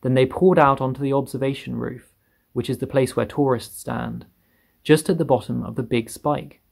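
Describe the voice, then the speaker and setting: A man narrating a children's tale with a gravelly, creaky voice at a mid pitch. He reads expressively, slowing to lean on key words. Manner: lively, expressive read with drawn-out emphasis. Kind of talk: storybook reading aloud.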